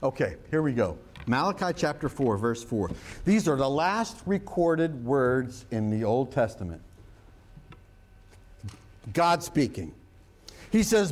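A man's voice: medium pitch, sing-song, takes it slowly, long pauses. A man preaching a sermon as pastor, mixing jokes and stories into his teaching and drawing out key words for emphasis. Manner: humorous, joke-telling preacher.

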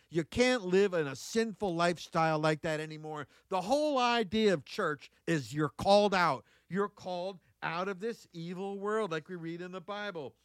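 A man's voice: high-pitched, clear, resonant tone, no echo. A man preaching a sermon, reading Bible verses and breaking into folksy, conversational asides with exclamations, repeating key phrases for emphasis.

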